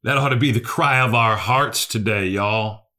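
A man's voice: lowish voice, normal speed, pushed and bright. A male preacher, delivering an earnest sermon that repeats key phrases and asks the listeners questions.

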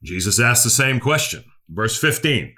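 A man's voice: mid-range voice, sing-song, normal speed, bright, forceful tone. A male preacher, delivering an earnest sermon that repeats key phrases and asks the listeners questions.

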